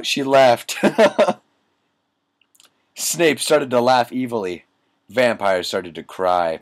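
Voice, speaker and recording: A man's voice: mid-range voice, slow pace, pauses often, no room sound. A young man doing a comic reading of a bad story, mocking and swearing at the text. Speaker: reader.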